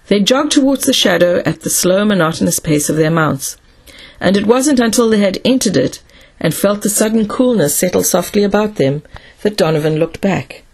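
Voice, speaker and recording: A woman narrating a science fiction audiobook with steady storytelling. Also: mid-range voice, normal speed, breathy edge.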